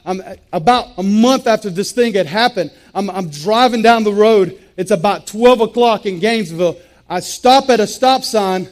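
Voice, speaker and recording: A man's voice: sits high, moderate pace. A man giving an intense, emphatic personal testimony, repeating phrases for weight. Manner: intense, repetitive, emphatic storytelling. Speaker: testimony speaker.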